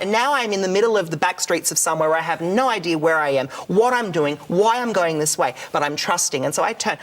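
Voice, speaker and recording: A man's voice: on the high side, a bit bright. A man, a spiritual medium, earnestly telling stories on a talk show and repeating key phrases. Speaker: medium, guest. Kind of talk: conversational storytelling on a talk show.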